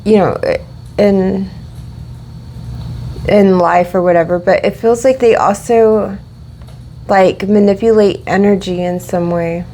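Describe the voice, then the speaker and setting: A woman's voice: medium pitch, steady tone, slow pace, long pauses, mellow, slight background noise. A woman giving a casual tarot reading, rambling with many fillers and restarts. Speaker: tarot reader.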